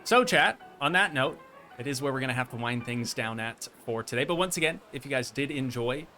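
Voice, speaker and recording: A man's voice: mid-range voice, a little fast, soft background music. A man streaming a park-building game, chatting casually and rambling along while tired at the end of a long stream. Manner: relaxed, rambling, self-amused.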